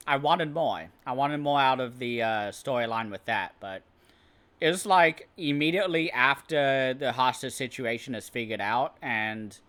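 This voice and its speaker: A man's voice: mid-range voice, bright, forceful tone. A man giving a casual, rambling spoken book review, often hesitating and restarting his sentences. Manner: hesitant, rambling, many restarts and "I don't know".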